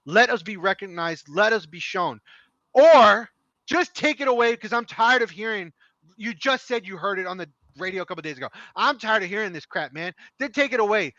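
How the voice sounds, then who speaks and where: A man's voice: high voice, lively intonation, brisk, sharp tone, no room sound. A middle-aged man ranting on a podcast, impassioned, emphatic and profane. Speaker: podcast co-host. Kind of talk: heated opinion rant. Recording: dry, dull lo-fi sound.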